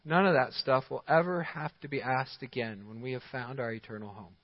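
A man's voice: medium pitch, fairly even intonation, brisk, few pauses. A man preaching a sermon as pastor, emphatic, giving short commands and chuckling at his own points. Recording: dull sound in a large hall with long reverb.

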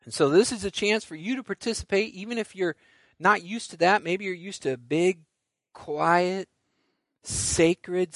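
A male pastor preaching a recorded sermon alone in a room, moving between quiet scripture reading and loud call-and-response revival exhortation. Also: high voice, no room sound. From Midland, Michigan area church. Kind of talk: recorded sermon to home viewers. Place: room alone without congregation.

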